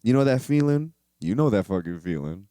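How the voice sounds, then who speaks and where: A man's voice: lowish voice, sing-song, fairly quick, warm tone, dry recording. A man putting on a smug, condescending mentor in a comedic bit. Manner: cocky, condescending. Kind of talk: comedic impression.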